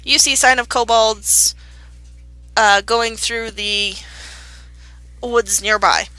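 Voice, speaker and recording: A woman's voice: a little high, steady tone, slow, sharp tone, no room sound, low-quality recording. A young woman narrating a tabletop game as game master, rambling and correcting herself as she goes.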